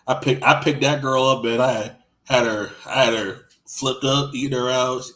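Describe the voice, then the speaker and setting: A man telling crude stories in casual podcast chat. He rambles with lots of restarts and acts out what others said, swinging loud and soft. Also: mid-range voice, steady tone, moderate pace, a little hiss or hum, poor audio.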